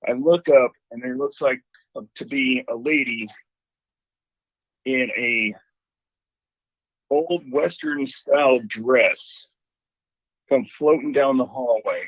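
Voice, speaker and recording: A man calling in to a show and telling a ghost story in an animated way, acting out the voices he quotes. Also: mid-range voice, slow, long pauses, no echo. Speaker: caller. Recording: dull phone line.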